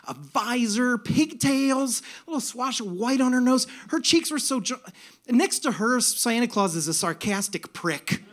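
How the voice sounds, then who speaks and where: Animated male storyteller on stage. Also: high-pitched. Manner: animated, comic, self-mocking. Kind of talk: live personal storytelling. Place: stage at a music venue.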